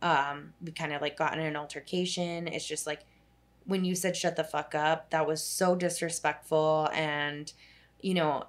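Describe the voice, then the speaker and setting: Her voice sits low, steady and unhurried. She's a young social worker in casual conversation, rambling through a long story from her own life, packing it with "like" and the occasional casual curse.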